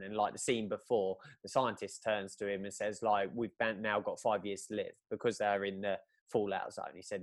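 A man's voice: lowish voice, flat delivery, moderate pace, no room sound. Rambling man, close and dry. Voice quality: rambling storyteller, many fillers and restarts. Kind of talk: casual chat.

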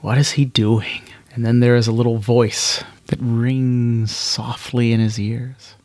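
A man narrating a solo science fiction tabletop game, with relaxed chatty asides. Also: mid-range voice, a little slow, no echo.

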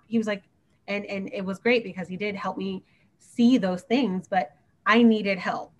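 A woman teacher chatting on a podcast, earnest and open, her speech running on in long unbroken stretches. Her voice sits at an ordinary middle pitch. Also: steady tone, moderate pace. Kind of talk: casual podcast chat.

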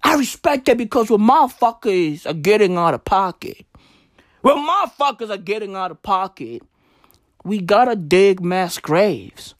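A woman's voice: medium pitch, lively intonation, normal speed, no room sound, studio quality. A woman delivering a profane comedic rant in a drawling, slangy voice with lots of repetition. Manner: drawling, slangy, swears a lot, repeats lines. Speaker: comedic ranter.

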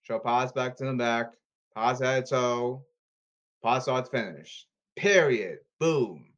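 A man hosting a solo podcast, ranting with exasperation and repeating himself, his pitch leaping and his loudness swinging. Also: takes it slowly, lo-fi sound. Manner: animated, erratic pitch leaps and volume swings. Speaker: podcast host.

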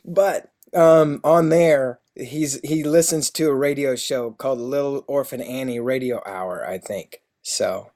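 A man's voice: mid-range voice, a little slow, few pauses, a little mellow. A man hosting a casual conversation, hesitant, with short reactions and filler words.

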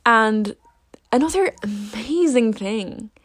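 A woman's voice: fairly high pitch, animated, takes it slowly, no echo. A young woman in her late teens chatting casually to the camera, rambling with lots of fillers and poking fun at herself. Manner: rambling, filler-heavy, self-deprecating. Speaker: vlogger.

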